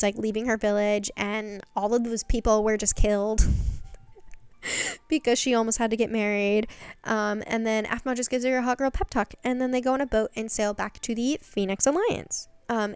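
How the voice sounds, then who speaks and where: A young woman giving a chatty, sarcastic recap of a story series, full of quick asides and quoted lines. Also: fairly high pitch, clean tone, no echo. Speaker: recap vlogger. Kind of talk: casual recap commentary.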